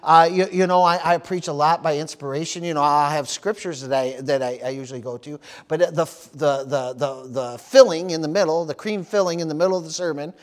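A man's voice: fairly high pitch, fairly quick, few pauses. Pastor peppering his sermon with amens. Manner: peppers talk with amen and hallelujah, repeats words. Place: church service.

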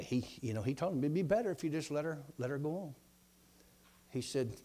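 A man preaching a sermon, telling a story in a folksy, rambling way and dropping his voice low when quoting others. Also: expressive, a little fast, a little mellow.

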